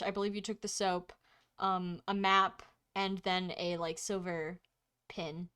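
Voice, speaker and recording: A woman's voice: mid-range voice, steady tone, measured pace, pushed and bright, smooth. A woman running a tabletop game as game master, chatty and giggly, describing items and scenes with lots of filler words.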